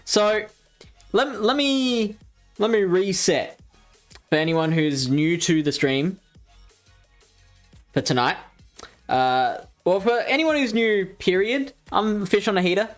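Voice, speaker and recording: A man's voice: sits high, slow, long pauses, faint music behind. A man with an Australian accent hosting a live game stream, chatting casually with viewers and laughing at himself as he plays. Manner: casual, chatty, laughs at himself, thinks aloud while playing. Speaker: streamer and show host. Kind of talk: live-streamed game commentary and chat reading.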